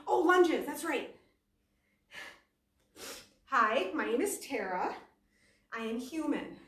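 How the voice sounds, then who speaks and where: A woman with a high, lively voice speaks slowly with a fairly bright tone. She's a chatty, self-deprecating fitness instructor leading a workout class, talking as she exercises and sometimes out of breath. The recording is echoey and picks her up from a distance.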